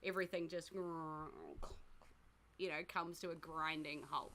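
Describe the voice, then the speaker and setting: Bright-voiced New Zealand woman game master. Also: sits low, takes it slowly. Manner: animated storytelling with voices for characters. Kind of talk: narrating a tabletop game. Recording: recorded podcast.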